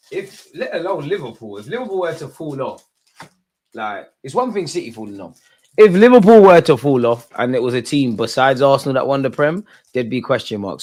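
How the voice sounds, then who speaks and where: A young man hosting a live football watch-along, talking in rambling, opinionated banter. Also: mid-range voice. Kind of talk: casual live match commentary.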